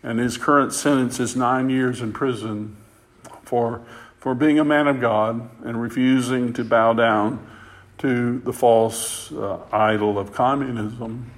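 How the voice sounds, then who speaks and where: A man preaching a sermon with passion. He climbs louder and higher to stress a point and often repeats words as he goes. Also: fairly even intonation, slow. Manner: impassioned, rising in pitch and volume for emphasis, repeats words.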